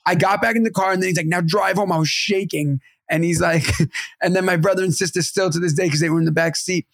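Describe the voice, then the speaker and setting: A man in his thirties co-hosting a podcast, telling animated, profane family stories in casual chat. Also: high voice, quick pace, creaky, no room sound, studio quality. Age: 30s. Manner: animated, swearing, acts out family voices. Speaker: podcast co-host.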